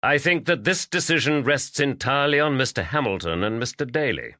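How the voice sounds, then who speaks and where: A man voicing a sharp, commanding detective who speaks curtly and urgently. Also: mid-range voice, expressive, brisk, dry recording, clean studio sound, pitched above the performer's own voice. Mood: measured. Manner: curt, urgent.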